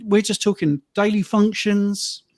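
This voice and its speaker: A man hosting a casual podcast chat and telling stories, lively when quoting people. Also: high-pitched, a little slow, dry recording. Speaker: host and fitness coach. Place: his own training and rehab room.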